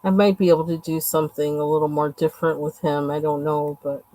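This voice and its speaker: Chatty low-voiced woman coloring live. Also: level tone, fairly quick, mellow, no room sound, poor audio. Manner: rambling, chatty, lots of fillers. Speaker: livestream host. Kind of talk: casual chat while coloring.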